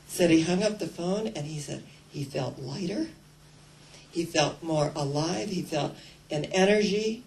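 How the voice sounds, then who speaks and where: An older woman preaching a sermon, telling stories expressively and leading listeners in deep breaths. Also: slight background noise, rough recording. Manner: storytelling, expressive, leads congregation in breathing. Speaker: minister.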